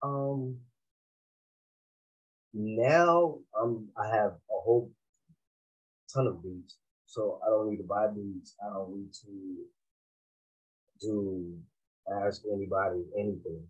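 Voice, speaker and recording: A man's voice: on the low side, steady tone, slow pace, pauses often, a little mellow, slightly rough, lo-fi sound. A man from Massachusetts, a rapper guest, telling laid-back, slangy stories in a casual interview and laughing often.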